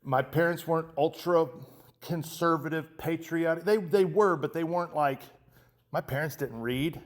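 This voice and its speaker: Impassioned older-sounding man, fairly high voice. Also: moderate pace. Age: 50s. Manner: impassioned, emphatic, restarts often. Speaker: show host. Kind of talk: monologue commentary.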